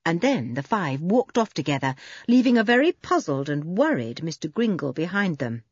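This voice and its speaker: A woman narrating a children's audiobook with lively storytelling. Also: on the low side, normal speed, husky, no echo. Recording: dull, dry recording.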